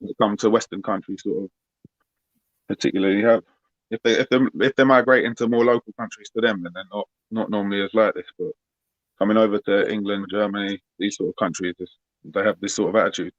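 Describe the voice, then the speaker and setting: A man co-interviewing on a podcast in casual chat, polite and quick to apologize. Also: fairly low pitch, steady tone, no room sound, highs cut off. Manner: laughs easily, polite, apologetic.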